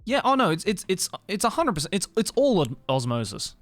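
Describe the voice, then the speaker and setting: Tired Australian man, lively voice. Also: high voice, fairly quick, no echo, faint music behind. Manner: rambling, swears casually, answers chat. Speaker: streamer. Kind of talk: casual chat with stream viewers. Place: Tokyo.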